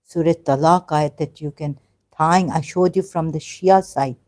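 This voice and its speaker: Woman on a livestream, halting and full of ums, lowish mellow voice, fires off rhetorical questions. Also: fairly even intonation. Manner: hesitant, halting, with frequent fillers and apologies. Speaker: livestream host. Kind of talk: casual live-stream talk on religion.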